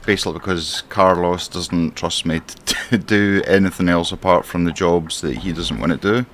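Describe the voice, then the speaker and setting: Playing a trucking simulation game as a truck driver, a Scottish-accented man gives rambling, exasperated commentary in character. His voice is low and moderately paced, with a little hiss or hum in the recording.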